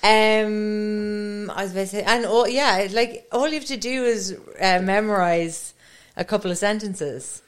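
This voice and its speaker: A woman's voice: mid-range voice, a little slow, clear, resonant tone. A woman co-hosting a casual podcast, chiming in with dry, sarcastic asides and jokes. She speaks in an everyday mid-range voice. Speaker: podcast co-host. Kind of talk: casual chat.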